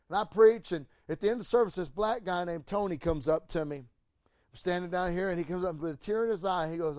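A middle-aged man, a pastor, telling a story in a sermon with animated swings from loud to hushed and stammering restarts. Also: high-pitched, fast, dry recording.

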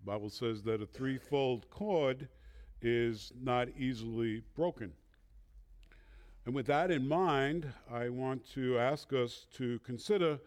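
A man with a northern accent preaching a sermon as a substitute pastor in a church, earnest and measured, with the odd filler. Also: mid-range voice, darkish tone.

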